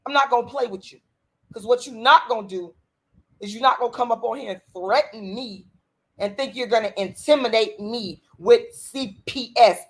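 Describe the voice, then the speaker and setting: A woman's voice: on the high side, normal speed, fairly bright tone, husky. Furious woman ranting at her critics. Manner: furious, confrontational, heavy profanity, threatening. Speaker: channel host. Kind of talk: angry direct-to-camera rant.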